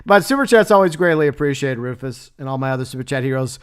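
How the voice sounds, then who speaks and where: A man's voice: mid-range voice, expressive, quick pace, smooth. A man hosting a casual livestream, chatting and laughing as he answers messages from his chat. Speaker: livestream host.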